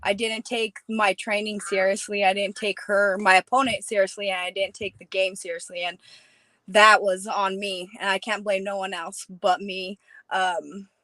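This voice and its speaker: A woman from New Mexico, a fighter guesting on a podcast, chatty and quick to laugh. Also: mid-range voice, little pitch movement, sharp tone, no echo, poor audio. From New Mexico, USA. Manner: chatty, laughs often, "you know what I mean". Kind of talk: casual interview chat.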